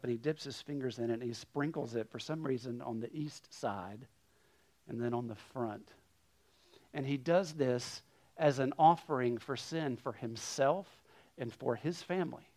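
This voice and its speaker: A male guest pastor preaching a sermon, telling a story with lively swings between loud emphasis and hushed asides. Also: medium pitch.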